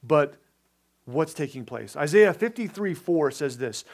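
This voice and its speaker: A man pastor preaching a sermon, moving between loud emphatic preaching and quiet, conversational storytelling. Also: fairly high pitch, animated, unhurried.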